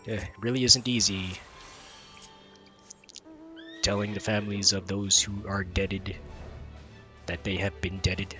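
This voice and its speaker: A man streaming a game, talking casually with deadpan, crude jokes. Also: low-pitched, unhurried, long pauses, soft background music. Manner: joking, deadpan.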